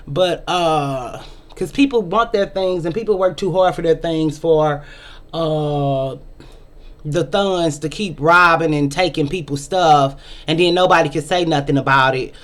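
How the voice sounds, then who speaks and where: A woman's voice: low-pitched, unhurried. A middle-aged woman talks straight to her viewers in an opinion vlog. Her delivery is emphatic and ranting, and she repeats her points for effect. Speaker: vlog host.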